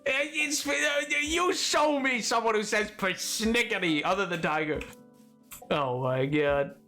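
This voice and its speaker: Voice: medium pitch, unhurried, sharp tone, soft background music. A streamer chatting casually while gaming, playful and rambling, joking with old-timey slang and fancy words. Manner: laughs often, rambles.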